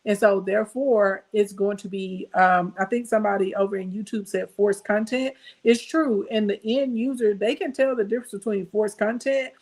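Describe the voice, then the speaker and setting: A woman's voice: medium pitch, fairly even intonation, normal speed, hardly any pauses, a little mellow. A middle-aged woman from the United States, hosting a casual livestream and coaching viewers in an emphatic, chatty way that speaks straight to them. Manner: emphatic, chatty, calls listeners "baby" and "y'all". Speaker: business coach and livestream host.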